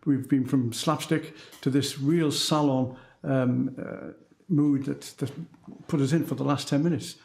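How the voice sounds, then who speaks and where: A man's voice: medium pitch, steady tone, unhurried, vocal fry, darkish tone, reverberant. A man giving thoughtful commentary on a band performance as an adjudicator.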